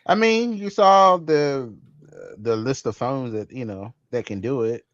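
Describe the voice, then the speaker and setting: A man's voice: medium pitch, animated, a little slow, dry recording. A man co-hosting a tech podcast in laid-back casual chat, swearing easily and laughing as he mimics others. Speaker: podcast co-host. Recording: dull, dry lo-fi audio.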